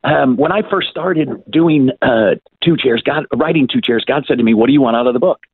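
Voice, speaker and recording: Husky guy telling stories fast and loose, repeats himself, tinny phone sound, dry. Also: medium pitch, no echo. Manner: chatty, repeats words, retells calls in quoted voices. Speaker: author and guest. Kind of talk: casual storytelling interview.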